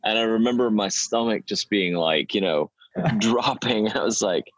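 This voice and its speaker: A man's voice: fairly low pitch, animated, normal speed, no echo, dull audio. A man, a game developer, telling a candid, casual interview story, swearing freely. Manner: candid, swears, laughs at himself.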